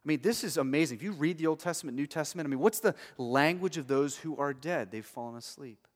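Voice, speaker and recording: A man preaching an expository sermon, swinging between loud emphatic stretches and very quiet passages, checking in with listeners with "okay" and "right". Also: fairly high pitch, fast. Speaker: pastor. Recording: long hall reverb.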